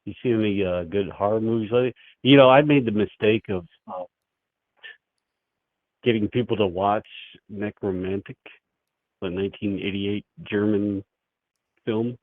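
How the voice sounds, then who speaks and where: A man's voice: on the low side, normal speed, pauses often, dry recording. A man calling into a show over the phone, rambling in a crude, laid-back way with lots of fillers. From United States. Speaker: caller. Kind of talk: casual phone chat. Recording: tinny phone line.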